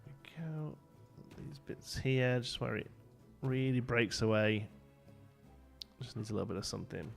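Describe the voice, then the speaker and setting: A man's voice: medium pitch, moderate pace, gravelly, soft background music. A young man chatting casually and rambling as he plays and builds on a live stream, laughing often and answering chat.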